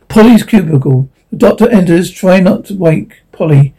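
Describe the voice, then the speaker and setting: Man reading stage directions, plain and matter of fact, high husky voice. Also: lively intonation, moderate pace, hardly any pauses, warm tone, low-quality recording. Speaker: narrator. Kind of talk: reading a drama script aloud.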